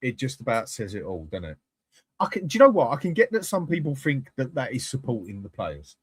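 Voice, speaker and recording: A man's voice: medium pitch, very animated, fairly quick, slightly rough, no echo. A man hosting a live fan channel, chatting bluntly with viewers and swearing freely. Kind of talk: live-stream chat reading comments.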